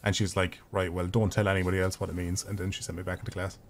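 Fast-talking Irish man streaming a game. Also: sits low, little pitch movement, slight background noise. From Ireland. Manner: chatty, swears freely, quick talker. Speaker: gaming streamer. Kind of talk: casual live gameplay commentary.

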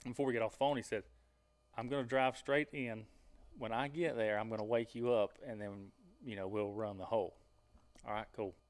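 A man hosting a casual podcast, telling a hunting story in a lively way and laughing as he goes. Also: on the low side, fairly quick.

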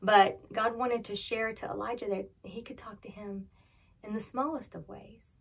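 Woman pastor preaching, soft dips. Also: mid-range voice, fairly even intonation, normal speed, gravelly, husky. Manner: conversational storytelling with fillers, dropping to soft near-whispers for emphasis. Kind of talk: sermon.

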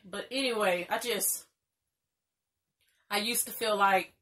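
Talking straight to the camera, this young vlogger has a bright, forceful, medium-pitched voice, speaking slowly with long pauses. She repeats her casual, emphatic advice in slangy language and sometimes cries or nearly breaks into tears.

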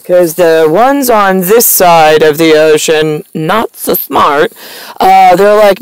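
A woman's voice: fairly low pitch, takes it slowly, clear, resonant tone, no room sound, low-quality recording. A woman talking to her viewers in a meandering, stream-of-consciousness monologue full of ums and restarts. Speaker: vlogger. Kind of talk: rambling monologue to camera.

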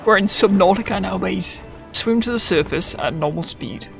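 A young man giving goofy, excitable let's-play commentary, swearing freely and chatting to the characters on screen. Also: high-pitched, moderate pace, gravelly, soft background music. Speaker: gamer.

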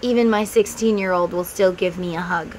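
A woman's voice: fairly low pitch, steady tone, brisk, a little mellow, slight background noise, rough recording. A middle-aged woman who runs a spiritual vlog, talking to viewers in a casual, heartfelt way. She gives earnest advice and speaks straight to the viewer. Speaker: tarot and spiritual vlogger.

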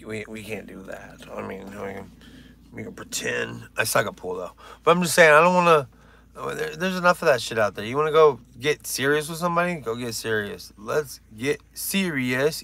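A man's voice: mid-range voice, creaky, fairly bright tone, slight background noise. A man doing casual stand-up on a live stream, rambling, swearing and joking with his viewers.

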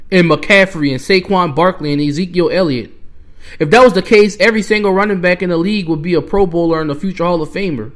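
Heated high-voiced young man ranting. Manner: heated, exasperated, repetitive. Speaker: podcast host. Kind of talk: fan rant.

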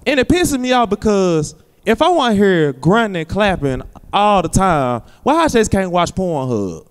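A man with a high, smooth voice working a stand-up set on a theater stage. He rambles loosely, packing his lines with fillers. The crowd laughs now and then behind him. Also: very animated, normal speed, long reverb tail. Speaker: stand-up comedian. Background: audience laughter.

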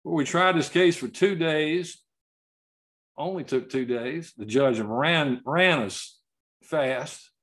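A man giving an award acceptance speech over a video call, telling a story slowly and haltingly and choking up at times. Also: fairly high pitch, a bit bright. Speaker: award recipient.

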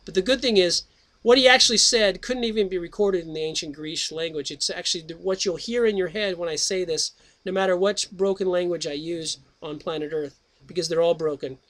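A man's voice: sits high, a little fast. A man hosting his own comedy healing show, talking in a jokey, rambling way and then reading a book aloud. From United States. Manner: jokey, rambling, with sudden jumps in loudness. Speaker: radio show host.

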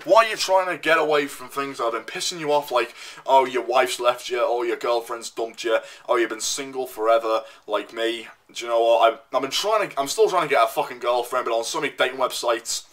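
A man's voice: medium pitch, a little fast, few pauses. A young man ranting to camera, swearing heavily and repeating himself as he works himself up. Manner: swears constantly, repeats himself, loud and worked up. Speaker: vlogger. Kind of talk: profane ranting monologue.

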